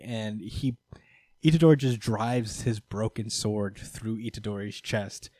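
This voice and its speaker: A man's voice: lowish voice, unhurried, no room sound. A man casually recapping a manga chapter for friends, acting out the characters' lines and swearing freely. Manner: animated storytelling, acts out characters' lines, swears. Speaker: podcast host recapping manga. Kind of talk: casual chat.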